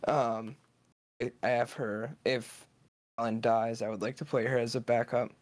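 Man, tabletop player, relaxed chatty talk, dry close sound. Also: mid-range voice, normal speed, no room sound. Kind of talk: casual tabletop game talk.

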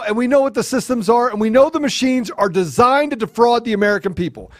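Fervent high-voiced man, dry sound. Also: fast, few pauses, no echo. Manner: fervent, repetitive, builds to angry emphasis. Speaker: co-host. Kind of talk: talk show commentary.

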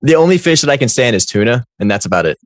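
Young male guest, mid-pitched lively voice, dry close mic, relaxed short answers. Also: racing, dry recording. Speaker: podcast guest, streamer. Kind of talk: casual chat.

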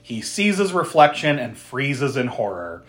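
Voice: medium pitch, big pitch swings, a little slow. Laughing, sarcastic podcast co-host recapping. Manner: laughs often, sarcastic asides, swears freely. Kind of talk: casual chat.

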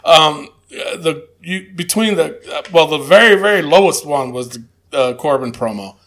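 A man co-hosting a loose chat show, with a voice that sits high and has a gravelly edge. He stumbles through fillers and restarts, then delivers blunt, dry verdicts. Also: lively intonation, normal speed, a bit bright. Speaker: podcast co-host. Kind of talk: casual chat.

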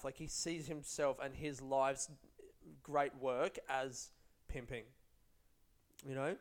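A man's voice: medium pitch, steady tone, takes it slowly, long pauses. A young man, a comedian, chatting casually and telling rambling, profane stories. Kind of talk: casual vlog chat.

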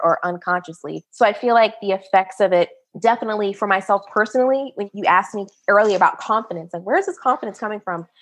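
Animated woman recounting her own story. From United States. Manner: animated, acts out quoted voices at a higher pitch. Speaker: interview guest. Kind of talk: personal storytelling in an interview.

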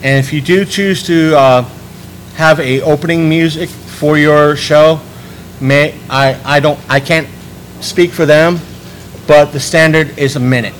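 A man hosting a podcast in casual chat, rambling and restarting his sentences, animated when he quotes people. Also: fairly high pitch, unhurried, a little hiss or hum, poor audio. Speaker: podcast host.

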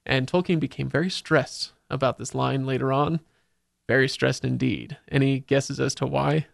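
A man's voice: medium pitch, fairly even intonation, normal speed, gravelly, no echo, studio quality. A man hosting a podcast, chatting casually and eagerly sharing book trivia. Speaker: podcast host.

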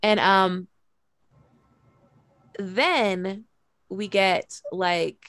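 A woman's voice: mid-range voice, extremely slow, fairly bright tone, no room sound. A woman co-hosting a podcast who chats casually about a fantasy novel and reads passages aloud, with many fillers. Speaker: podcast co-host. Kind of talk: casual book discussion and reading aloud.

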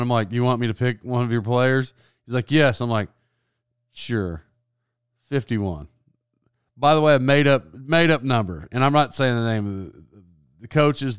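A man's voice: medium pitch, clear, resonant tone, no room sound, studio quality. A sports announcer telling a long rambling story in a casual, self-deprecating way, laughing as he goes.

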